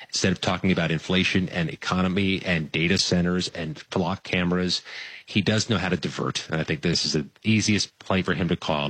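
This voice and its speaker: A man giving weekly political analysis on a radio show, measured and matter-of-fact with dry humor. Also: low-pitched, a bit bright, husky, no echo, rough recording.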